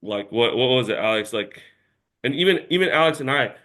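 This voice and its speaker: A man's voice: medium pitch, expressive, brisk, fairly bright tone. A man telling a long story as an interview guest in a casual chat, rambling and packed with filler words.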